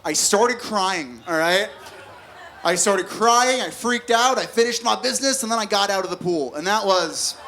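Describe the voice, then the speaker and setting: A man's voice: high-pitched, expressive, bright, forceful tone, slight background noise. A man in his thirties performing a stand-up comedy set, chatting and joking with a live audience in a venue. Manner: conversational, quick jokes told to a live crowd.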